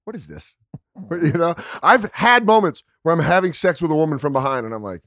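A man's voice: a little high, very animated, brisk, a bit bright, no room sound, clean studio sound. A man hosting a comedy podcast, talking crudely and acting out quotes in silly voices. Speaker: podcast host. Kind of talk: casual comedy chat.

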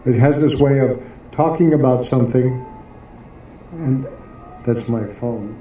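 A man giving a devotional class who explains a poem haltingly, often pausing and searching for words. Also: mid-range voice, warm tone, faint music behind. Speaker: spiritual teacher. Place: devotional garden venue in Philadelphia. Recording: echoey room, distant mic, faint noise.

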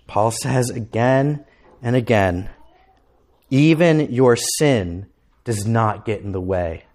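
A man preaching a sermon as pastor, impassioned, climbing to emphatic peaks and then dropping low and quiet. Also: expressive, slow pace.

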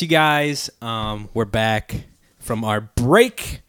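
A man's voice: mid-range voice, very slow, fairly bright tone, soft background music. A young man co-hosting a podcast in casual chat, swearing freely and drinking a beer as he talks. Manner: laid-back, swears freely, lots of fillers. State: drinking beer while talking. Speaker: podcast co-host.

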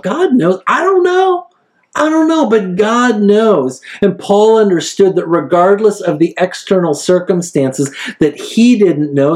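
A man preaching a sermon in a relaxed, conversational way, telling stories and acting out quoted speech. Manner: storytelling, acts out quoted speech with big pitch jumps; conversational, frequent fillers. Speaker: pastor.

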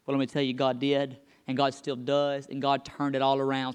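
A man's voice: medium pitch, monotone, moderate pace, hardly any pauses, smooth, big-room sound. A man preaching as pastor, emphatic and repeating his key phrases. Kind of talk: sermon.

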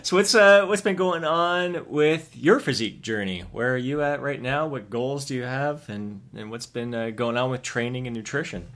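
Man from Canada, mid-pitched voice, chatty and animated, podcast host asking questions. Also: normal speed, few pauses. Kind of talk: casual podcast chat.

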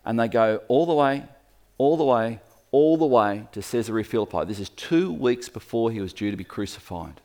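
A man preaching a sermon in a lively storytelling manner, speaking to the room as he points at a map. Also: mid-range voice, normal speed. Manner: lively storytelling, acts out quoted voices.

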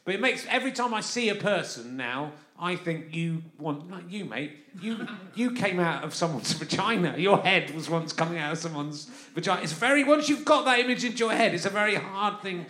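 A man's voice: high-pitched, lively intonation, fairly quick, few pauses, pushed and bright. A man from London, hosting a live comic podcast, rambling and chatty and often laughing through his lines. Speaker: podcast host. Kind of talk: live comic monologue to an audience. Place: live festival venue. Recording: roomy live venue sound.

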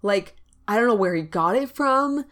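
A woman's voice: mid-range voice, lively intonation, moderate pace, a bit bright. A woman co-hosting a podcast, talking in a laid-back, casual way. She drops dry quips and laughs often along the way. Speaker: podcast co-host. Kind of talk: casual chat.

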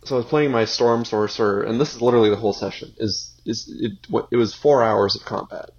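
A man co-hosting a podcast, chatting hesitantly with many pauses, on a muffled, lo-fi mic. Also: lowish voice, steady tone, breathy edge. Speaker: podcast co-host. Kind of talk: casual chat.

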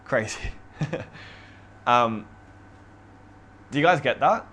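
A man leading an informal Bible study, teaching in a relaxed, chatty way with many fillers. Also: medium pitch, slow, a little hiss or hum. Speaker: youth group or Bible study leader. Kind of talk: casual conversational teaching on scripture.

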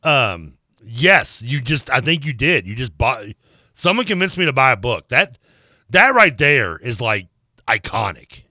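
A man's voice: mid-range voice, big pitch swings, a little slow, pushed and bright, no echo, studio quality. A man co-hosting a sports radio show, rambling and laughing often, trailing off mid-sentence. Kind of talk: casual sports talk.

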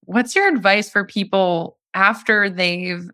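A woman's voice: medium pitch, slow, pushed and bright. A woman hosting an interview, responding appreciatively and asking follow-up questions. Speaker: interview host. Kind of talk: podcast interview.

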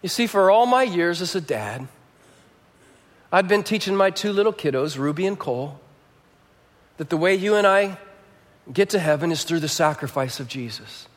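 Male pastor, high voice, storytelling sermon that swings from hushed to emphatic, heard in a reverberant church. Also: expressive, moderate pace, long pauses. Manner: storytelling, voice dropping quiet for somber moments.

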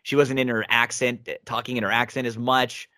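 A man's voice: mid-range voice, little pitch movement, normal speed, pushed and bright, no echo, studio quality. A man co-hosting a wrestling review podcast, giving opinionated casual commentary with frequent restarts.

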